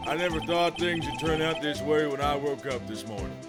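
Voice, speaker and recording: A man voicing a laid-back male cowboy-style detective with a slow, folksy drawl. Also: on the high side, lightly acted. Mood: easygoing. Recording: loud game music behind.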